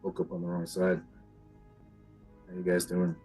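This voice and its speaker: Brief: man, very low voice, casual and halting player talk, faint music behind. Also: monotone, dark tone, rough recording. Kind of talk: casual tabletop play.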